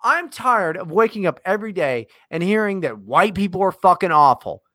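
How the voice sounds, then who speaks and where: A man's voice: high voice, animated, moderate pace, bright, forceful tone, no echo, studio quality. A man co-hosting a podcast, ranting in a casual, profane and exasperated way. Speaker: podcast co-host.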